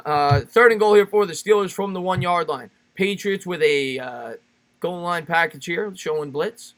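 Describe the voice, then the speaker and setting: A man calling live football play-by-play on a stream, excitable and quick to laugh while reading chat messages. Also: high voice.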